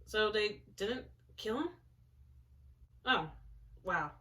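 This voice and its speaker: A young woman talks slowly through her own clumsy old story, giggling and making sarcastic, overdramatic comments. Her voice is bright and a little high. She sits in her bedroom at some distance from the mic, so she sounds slightly far off. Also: expressive. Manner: giggly, mock-dramatic, sarcastic asides. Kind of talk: casual commentary while reading aloud.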